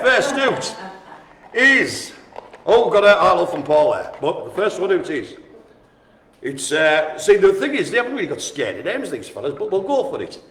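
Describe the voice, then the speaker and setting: Lively, chatty male bingo host. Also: high voice. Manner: jokey, chatty, addresses the audience as ladies and gentlemen. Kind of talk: live-streamed bingo calling. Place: indoor room at a care home. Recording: roomy with faint ambience.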